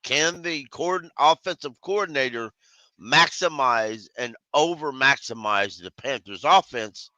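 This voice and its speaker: A man co-hosting a sports podcast, halting with many restarts and dismissive asides. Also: medium pitch, pushed and bright, dry recording, rough recording. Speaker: podcast co-host. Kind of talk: casual sports talk.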